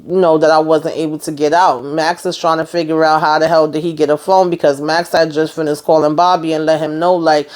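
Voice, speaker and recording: A woman's voice: deep voice, little pitch movement, fairly quick, hardly any pauses, darkish tone. A woman giving a chatty, casual recap of a TV episode, retelling the scenes by quoting the characters. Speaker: TV show recapper.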